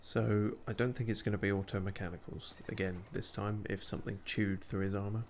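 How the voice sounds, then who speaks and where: A let's play streamer with a lowish, darkish voice talks a little fast and with little pitch movement over slight background noise. He gives casual gameplay commentary packed with swearing and self-mocking asides.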